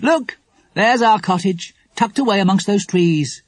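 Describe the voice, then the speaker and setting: A man voicing a calm, sensible mother who talks briskly and reassuringly in a storybook. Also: high-pitched, dry recording, pitched above the performer's own voice.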